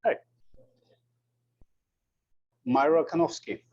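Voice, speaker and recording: A man's voice: on the high side, a little fast, a little mellow. A man with an Austrian German accent, a university lecturer taking questions and calling the roll in class, hesitant and apologetic, often repeating words. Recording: dull lo-fi classroom recording.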